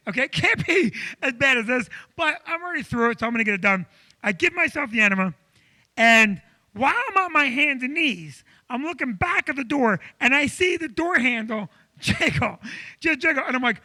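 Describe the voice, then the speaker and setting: A male comedian hosting a live show from a comedy club stage, telling an animated, self-deprecating story. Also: extremely high pitch, a little fast.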